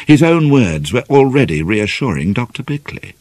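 A man narrating an unabridged novel audiobook in a measured, expressive storytelling manner. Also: on the low side, no room sound.

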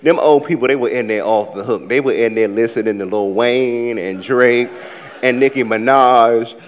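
A man from the American South doing a live stand-up set, with sassy, campy storytelling and loud acted-out asides. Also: medium pitch, normal speed, big-room sound. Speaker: stand-up comedian. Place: large theater stage with a live audience.

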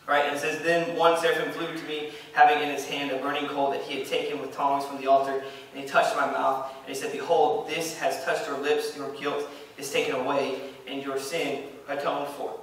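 Man preaching, fairly high bright voice, emphatic and repetitive, echoey church room, heard from a distance. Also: flat delivery, moderate pace. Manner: emphatic, repeats phrases, reads scripture aloud. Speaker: pastor. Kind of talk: sermon. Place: church sanctuary.

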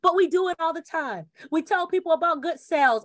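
High-voiced woman giving an upbeat sales pitch. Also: fairly quick, no echo, studio quality. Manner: lively, repeats catchphrases, acts out little dialogues. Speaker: presenter pitching a referral program.

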